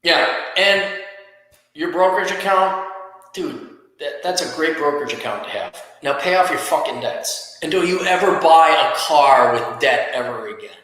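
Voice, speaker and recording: A man's voice: a little high, animated, normal speed, pushed and bright. A man hosting a podcast, giving blunt, profane career advice in a casual rant. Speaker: podcast host. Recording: echoey room with long reverb.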